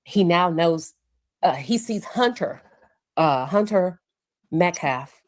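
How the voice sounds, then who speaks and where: A woman's voice: on the low side, lively intonation, slow pace, no echo. A woman recapping courtroom testimony, acting out the witnesses' words. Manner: acts out quoted witnesses with raised voice. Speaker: courtroom reporter.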